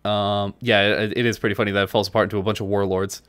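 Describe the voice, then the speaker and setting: A man from New York talks through a strategy game on a live stream, answering viewers between moves. His voice sits on the low side and comes across close and dry, with no room sound. He keeps it casual and conversational. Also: little pitch movement, fast, fairly bright tone, dry recording.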